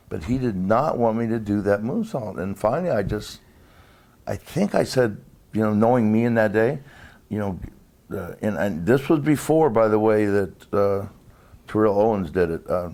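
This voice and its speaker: A man, a former wrestler, telling stories in a casual interview, rambling and halting with many restarts. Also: medium pitch, darkish tone.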